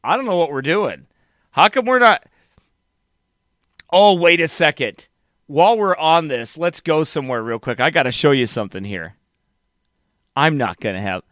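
A man commenting on a preaching clip, mocking it, animated, often laughing. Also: mid-range voice, dry recording, studio quality. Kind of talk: reaction commentary.

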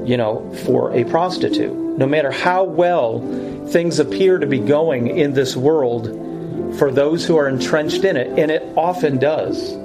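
A man's voice: on the high side, measured pace, loud music behind the voice, rough recording. A man teaching through Bible verses in a sermon style, earnest and explanatory, often correcting himself as he goes.

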